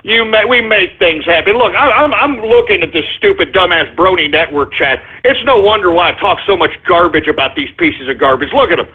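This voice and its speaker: A male talk radio host rants combatively, repeating his points with heavy emphasis. His high voice has a husky, raspy edge. The audio is narrow and tinny, like a phone line. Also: lively intonation, a little fast, hardly any pauses. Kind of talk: ranting talk radio monologue.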